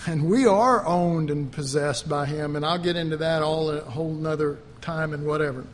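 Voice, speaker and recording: A man preaching a fervent sermon, swinging between loud outbursts and quiet asides. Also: on the high side, normal speed, big-room sound, a little hiss or hum.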